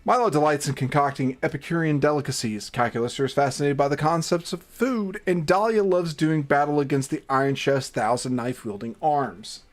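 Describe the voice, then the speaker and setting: A man's voice: fairly high pitch, brisk, hardly any pauses. A man streaming a game, narrating it with jokes, frequent swearing and theatrical outbursts. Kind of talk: casual live-stream chat and game narration.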